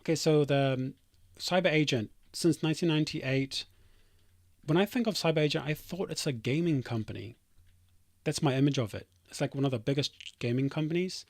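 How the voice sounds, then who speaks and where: A man's voice: on the high side, fairly quick, dry recording. A developer streamer talking casually to his chat, reading comments aloud with dismissive, rambling asides.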